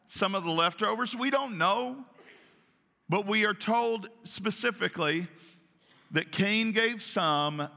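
A man preaching a sermon as pastor, in an animated, folksy way that acts out voices. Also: high-pitched. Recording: long church reverb.

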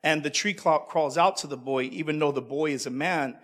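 A man's voice: fairly high pitch, normal speed, fairly bright tone, in a large hall. A male preacher delivering a sermon, calling out to the congregation and repeating himself as he goes. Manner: call-and-response, stumbling repeats.

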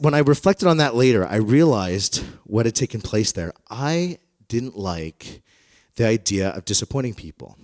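A man's voice: lowish voice, no room sound, studio quality. Conversational storytelling pastor, a man. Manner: conversational and self-deprecating, animated when retelling dialogue. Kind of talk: storytelling sermon.

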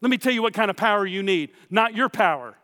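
A man's voice: high voice, animated, fast, pushed and bright, long reverb tail. A man preaching a sermon as pastor, emphatic, with repeated phrases, speaking straight to his listeners.

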